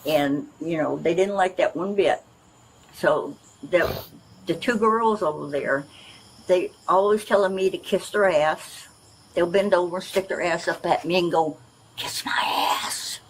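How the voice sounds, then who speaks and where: A woman's voice: lowish voice, a little slow, poor audio. An older woman rambling and complaining insistently to a police officer, recorded on a bodycam. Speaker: resident questioned by police. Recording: outdoor bodycam audio with faint noise.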